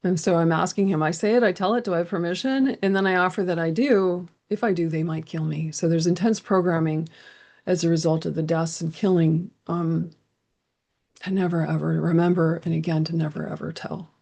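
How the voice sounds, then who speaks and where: Woman reading her own journal out loud, low voice w/ lots of vocal fry, earnest and kinda halting. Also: fairly even intonation. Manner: intimate, earnest, halting with restarts. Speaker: host sharing a personal account.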